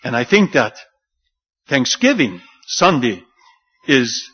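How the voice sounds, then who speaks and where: Preaching slowly in a husky voice, this pastor is animated and lively in pitch, acting out the disciples' lines as his pitch climbs. The sermon is captured in dull, lo-fi sound.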